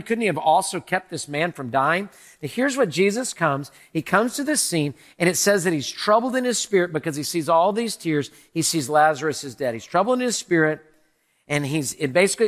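High-voiced pastor preaching with energy. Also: male voice. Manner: animated, asks repeated rhetorical questions. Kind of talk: Easter sermon. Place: church in front of a congregation.

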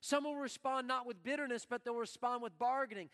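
Dramatic male preacher, high-pitched, church sanctuary reverb. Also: normal speed, few pauses. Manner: dramatic preaching, acts out quoted voices, swings from loud to hushed. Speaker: pastor. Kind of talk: sermon.

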